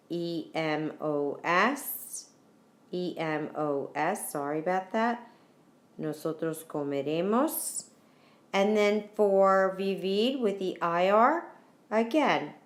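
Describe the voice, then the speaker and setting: A woman's voice: on the low side, roomy sound. A woman teacher explaining verb endings in a recorded lesson, patient and repetitive, spelling out endings letter by letter. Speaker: Spanish teacher.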